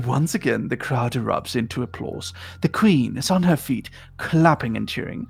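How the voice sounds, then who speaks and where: A woman's voice: rumbling low, huge pitch swings, measured pace, creaky, a little mellow, breathy edge. A woman streaming and reading aloud in a playful, mock-grandiose way, often giggling.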